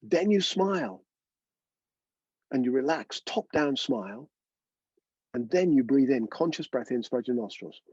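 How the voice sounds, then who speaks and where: A man's voice: mid-range voice, moderate pace, darkish tone, breathy edge, no room sound, dull audio. A man teaching a live online breathwork class, chatty and coaching, often checking in with his students.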